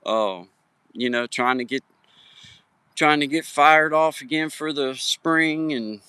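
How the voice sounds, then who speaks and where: A slightly high-voiced man from Virginia talks slowly to his live viewers by phone from a hiking trail at sunset, folksy and friendly as he greets them by name. His tone is pushed, bright, clear and resonant, with no room sound.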